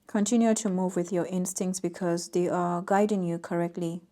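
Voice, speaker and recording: A woman giving an intuitive tarot reading to camera, reading out card meanings in a soft, gently emphatic way. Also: lowish voice, fairly even intonation, moderate pace. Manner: soft-spoken, reads oracle card text aloud with gentle emphasis. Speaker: tarot reader.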